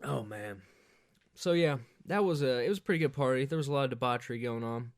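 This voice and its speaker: A man hosting a podcast, telling a profane, rambling party story in a casual monologue, jumping up in pitch when he quotes people. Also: fast, no room sound, clean studio sound. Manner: crude, profane, rambling anecdotes with animated quoted voices. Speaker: podcast host.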